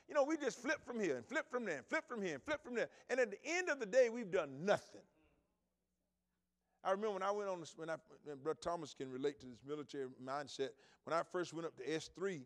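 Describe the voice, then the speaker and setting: A man preaching a sermon to his congregation, moving between loud emphatic points and quiet asides, with folksy storytelling and repeated phrases. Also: sits high. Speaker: pastor.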